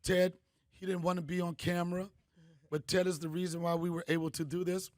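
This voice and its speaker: A middle-aged man, a comedian host, telling stories in a punchy, animated way. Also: sits high, a little fast, no room sound, studio quality. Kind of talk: storytelling monologue.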